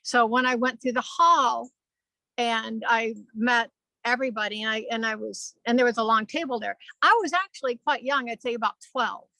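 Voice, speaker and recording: A woman with a fairly high, gravelly voice tells her story in a rambling, animated way. She is on a video call, and the sound is dry and close. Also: normal speed, no room sound, rough recording. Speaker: spiritual channeler. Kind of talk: sharing a spiritual experience in a group call.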